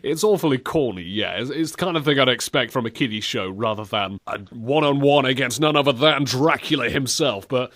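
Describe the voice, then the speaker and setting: A man's voice: mid-range voice, fairly quick, hardly any pauses. A man co-hosting a comedy show about video games, chatting casually and joking about bad voice acting. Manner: animated, jokey, does silly voices. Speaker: co-host reviewing game clips.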